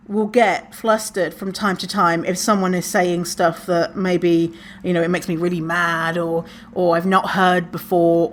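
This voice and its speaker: Woman, podcast host, casual advice, sassy, swears, acts out quotes. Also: fairly low pitch.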